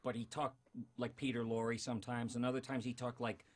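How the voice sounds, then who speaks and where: A man's voice: mid-range voice, fairly quick. A man in his fifties, a voice actor, chatting jokily in an interview. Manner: animated, jokey, breaks into character voices. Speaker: voice actor guest. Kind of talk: casual interview chat. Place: studio.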